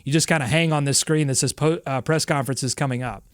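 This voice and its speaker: A man co-hosting a sports podcast, telling stories in a lively, laughing way. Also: medium pitch, quick pace, no echo, clean studio sound. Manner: animated, laughing storyteller. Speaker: podcast co-host. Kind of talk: casual sports chat.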